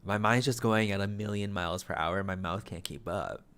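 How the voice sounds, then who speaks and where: Male streamer, low voice, quick and rambly, slight stutter, casual chat. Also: fairly bright tone, clean tone. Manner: fast talking, rambling; stutters and mumbles, repeats words.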